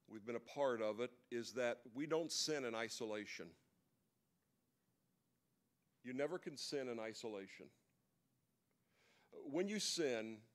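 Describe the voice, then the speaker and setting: A man preaching at a church men's breakfast. His voice sits at an ordinary middle pitch. He retells the story in a relaxed, conversational way and drops in casual asides. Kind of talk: sermon.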